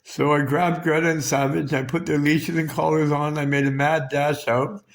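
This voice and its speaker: A man's voice: on the high side, level tone, moderate pace, vocal fry. A Canadian man tells his own story straight to the camera. His speech is raw and profane, and it carries heavy emotion. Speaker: vlogger. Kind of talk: personal storytelling.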